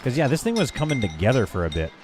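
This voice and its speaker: Lively, joking male game streamer. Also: medium pitch, noisy background. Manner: rambling and joking, chatting with viewers; halting, self-correcting stabs at French. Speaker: live streamer. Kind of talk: casual live-stream chat while playing.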